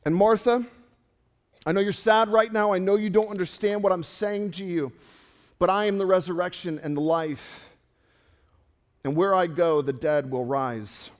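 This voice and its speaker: A man's voice: high-pitched, fairly even intonation, moderate pace, a little mellow, big-room sound, lightly acted. A pastor voicing Jesus in the first person, a commanding man making bold, proclaiming declarations.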